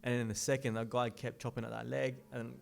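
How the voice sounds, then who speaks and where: A man's voice: medium pitch, level tone, gravelly. An Australian man co-hosting a casual podcast, rambling and repeating himself as he recalls the fights. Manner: rambling, halting, repeats words. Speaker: podcast co-host.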